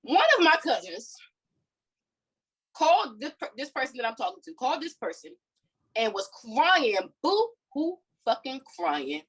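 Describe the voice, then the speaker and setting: A woman co-hosting a podcast, telling a story in a heated, profane, animated way in casual chat. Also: sits high, unhurried, breathy edge, rough recording. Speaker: podcast co-host.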